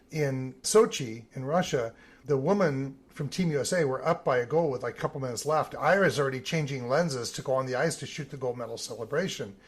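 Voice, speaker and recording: A man, an Olympic team photographer, telling lively stories in a podcast interview and acting out the voices of the people he quotes. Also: mid-range voice, breathy edge. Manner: animated storyteller, acts out quoted voices.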